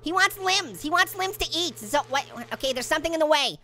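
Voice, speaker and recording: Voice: sits high, lively intonation, a little fast, bright, forceful tone, a little hiss or hum, exaggerated voice. A performer voicing a hyper, cheeky male talking orange who giggles, makes puns and chatters nonstop while playing a game. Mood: playful. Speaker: game player. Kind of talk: cartoon character let's-play commentary.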